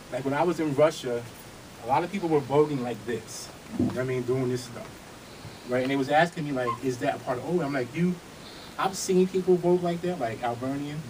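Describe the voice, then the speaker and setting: There's noise in the background and music playing as a man with a mid-range voice teaches vogue in a dance studio. Slightly out of breath, he keeps things casual and checks in with the class while demonstrating.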